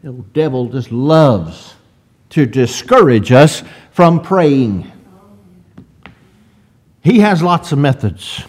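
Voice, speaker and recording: A man of medium pitch, with an expressive, darkish and slightly rough voice, preaches a sermon by reading archaic scripture aloud. He asks his listeners rhetorical questions in a slow, deliberate style marked by surges of emphasis.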